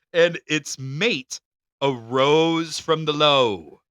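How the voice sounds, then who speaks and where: A man's voice: a little high, a bit bright, clear, resonant tone, no echo. A man co-hosting a casual podcast, reading notes aloud, laughing often and tripping over unfamiliar names. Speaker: podcast co-host.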